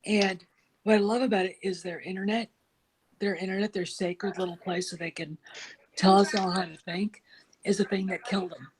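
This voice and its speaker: A woman's voice: medium pitch, steady tone, moderate pace, rough recording. A woman talking emphatically and outspokenly as a guest in a casual political chat. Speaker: podcast guest.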